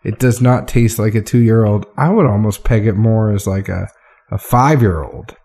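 A man's voice: on the low side, normal speed, creaky, dark tone. Chatty man describing whiskey flavors. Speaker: whiskey tasting co-host. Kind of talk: casual tasting chat.

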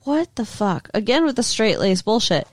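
A woman co-hosting a casual chat show, blunt and quick to swear, laughing often. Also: on the high side, sing-song, no room sound. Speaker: podcast co-host.

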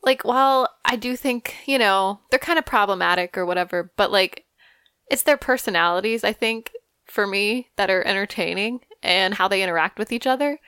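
Smooth-voiced chatty young woman. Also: mid-range voice, moderate pace, bright, forceful tone, no room sound, clean studio sound. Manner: chatty, lots of "like" and "I don't know". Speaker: podcast co-host. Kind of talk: casual pop-culture chat.

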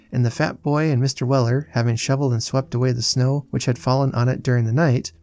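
A podcast host reading a classic novel aloud in a measured, clear storytelling manner. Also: male voice, medium pitch, darkish tone.

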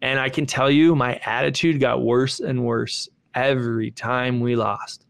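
A man giving a motivational talk and telling a personal story in an animated way, with sharp jumps in pitch. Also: measured pace, vocal fry. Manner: animated, swings pitch up sharply when acting out his younger self. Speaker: speaker.

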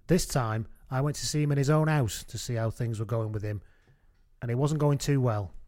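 Giggly, animated man telling a comic story. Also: medium pitch, moderate pace. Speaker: podcast host. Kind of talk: comic anecdote.

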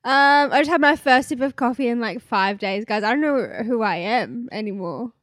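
A woman's voice: fairly high pitch, moderate pace, fairly bright tone, dry recording, studio quality. A young woman co-hosting a podcast in casual chat, bubbly, laughing often and swearing freely. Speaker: podcast co-host.

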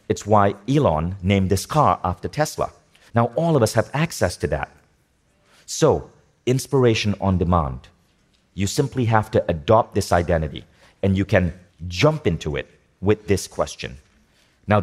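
Low-voiced man giving a motivational talk. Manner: energetic, asks the audience questions, repeats key phrases. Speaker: speaker teaching a workshop. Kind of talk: motivational talk to a live audience.

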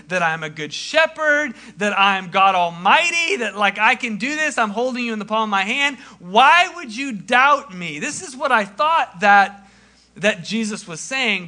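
A man preaching a sermon in a conversational way, acting out quoted lines and swinging from loud to hushed. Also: extremely high pitch. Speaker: pastor.

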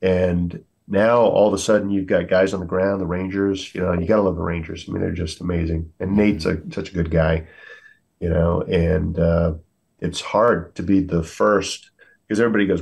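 A man's voice: deep voice, fairly even intonation, normal speed, vocal fry, darkish tone, husky. A middle-aged American man, a military veteran, telling war stories earnestly on a podcast, with many fillers and acted-out quotes. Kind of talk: storytelling in a podcast interview.

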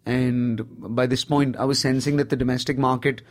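A man with an Indian accent, a stand-up comedian in his thirties, chatting in an interview and telling animated stories, often saying "you know". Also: medium pitch, normal speed. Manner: lively storyteller, peppers speech with "you know". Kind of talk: casual interview conversation.

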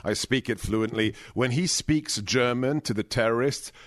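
A man's voice: mid-range voice, normal speed, no room sound, studio quality. A man with a British accent worn down by years in America, hosting a podcast and reading ads in a theatrical, emphatic way. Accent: British, frayed by years in America. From England. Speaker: podcast host. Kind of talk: podcast talk and ad reads.

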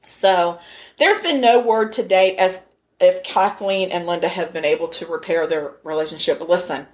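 A woman's voice: lowish voice, normal speed. A woman hosting a casual true-crime chat, joking and laughing often. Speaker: podcast host.

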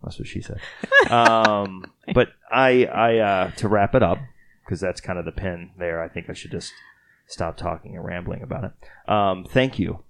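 Man from Texas, podcast host, very low voice, rambling jokey chat, tired. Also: fairly even intonation, normal speed, creaky, fairly bright tone, slight background noise. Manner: rambling, joking, self-mocking. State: tired after a late night. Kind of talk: casual chat.

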